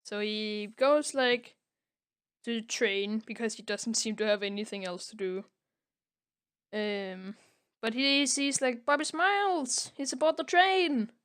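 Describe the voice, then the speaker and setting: A woman's voice: on the high side, measured pace, fairly bright tone, clean tone. A young woman recapping a comic on a casual podcast, rambling with lots of filler words. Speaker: podcast co-host.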